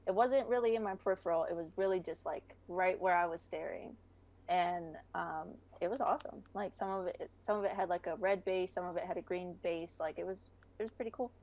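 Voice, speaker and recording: A young woman chatting casually as a podcast guest. Her voice sits a little low, and her talk is loose, full of fillers and easy laughter. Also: brisk, darkish tone. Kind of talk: casual chat.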